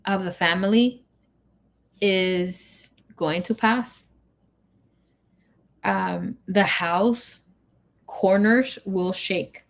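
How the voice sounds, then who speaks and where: On a live stream, a woman tarot reader chats casually in a medium-pitched voice, reading viewer comments aloud and slipping Spanish words into her English. She sounds emotional and grieving.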